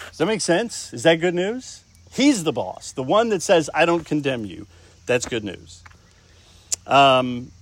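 A man preaching a sermon, talking conversationally and often asking the congregation questions. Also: medium pitch. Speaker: pastor.

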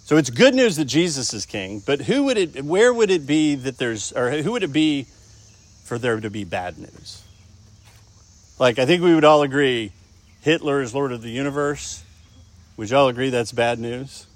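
Lively pastor preaching. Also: male voice, fairly high pitch. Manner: conversational preaching, quizzing the congregation. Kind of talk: sermon.

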